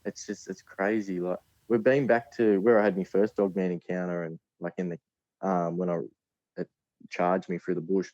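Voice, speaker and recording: A man's voice: sits low, flat delivery, moderate pace, a little mellow, dry recording, lo-fi sound. An Australian man, a podcast guest, telling a rambling story in a casual way and full of "like" fillers.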